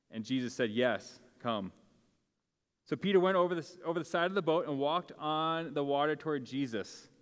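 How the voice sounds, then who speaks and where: A man gives a relaxed, conversational sermon, breaking off and restarting his sentences as he goes. His voice is smooth and resonant at a middle pitch. Long reverb from the church sanctuary trails after his words. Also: a little fast. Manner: casual, conversational preaching with frequent fillers and restarts. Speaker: pastor.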